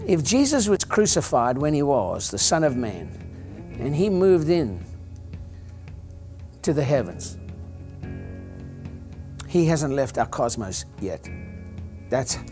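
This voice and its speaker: A man's voice: mid-range voice, slow, pauses often. An older man lectures a room in a loose, joking manner that turns preachy at times. His intonation swoops and bounces constantly, and faint music plays somewhere behind him. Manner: animated, joking, rambling, preacher-like. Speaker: chiropractor giving a clinic talk. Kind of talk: informal lecture to an audience.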